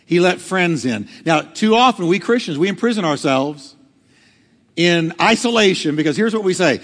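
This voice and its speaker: A man's voice: high-pitched, animated, moderate pace, a bit bright, in a large hall. A male pastor preaching a sermon, acting out quotes with dramatic swings in delivery. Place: church hall.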